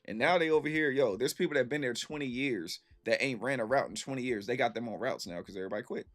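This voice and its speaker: A man in his thirties talks casually to his stream viewers in a mid-range voice at a quick pace. He tells an animated, slang-filled story, repeating himself for emphasis.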